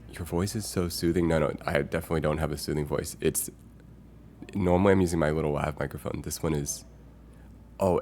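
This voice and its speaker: Man, very deep voice, casual streamer chat, rambling, thinking aloud, reads chat out, faint background hiss. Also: a little mellow. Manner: rambling and musing, thinking aloud with many fillers; reads chat messages aloud and greets viewers. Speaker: live streamer.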